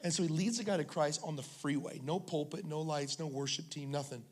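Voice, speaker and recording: Preaching somewhat fast in a fairly high voice, a male pastor leads a church service in a school venue. He entertains the congregation with humorous tales and jokes back and forth with them.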